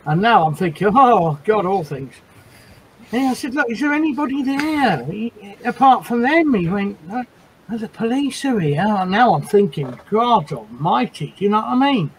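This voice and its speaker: A man's voice: high voice, very animated, moderate pace, slight background noise, low-quality recording. A man hosting a casual livestream chat, telling jokes and stories and laughing between lines. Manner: giggly storyteller who laughs between lines. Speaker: livestream host.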